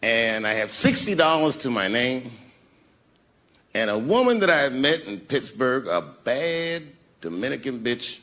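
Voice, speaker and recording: A man telling a profane stand-up story, swinging between loud outbursts and hushed mumbles. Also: mid-range voice, big pitch swings, a little slow. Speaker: stand-up comedian.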